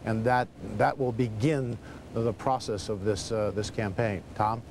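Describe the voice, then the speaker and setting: A man's voice: lowish voice, fairly even intonation, measured pace, background noise. A male correspondent answering the anchor in a live report, hesitating with fillers.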